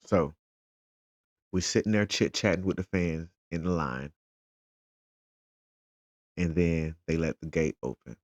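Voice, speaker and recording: A man's voice: low-pitched, a little slow, pauses often, no echo, muffled recording. A father, casually retelling his day as a fan and acting out the conversations he had. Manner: animated, retells conversations in quotes. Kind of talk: casual storytelling vlog.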